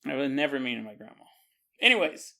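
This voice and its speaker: A man hosting a podcast, telling a story in a casual, animated way and joking and laughing as he goes. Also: mid-range voice, fast talker, gravelly. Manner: animated, jokey, laughs often. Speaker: podcast host.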